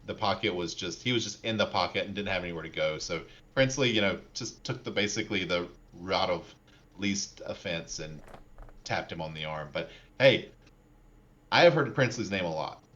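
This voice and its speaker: Podcast co-host, male, very low voice, easygoing rambling delivery, dull lo-fi recording. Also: normal speed. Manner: relaxed, rambling with fillers. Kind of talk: casual sports podcast chat. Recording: dull lo-fi mic.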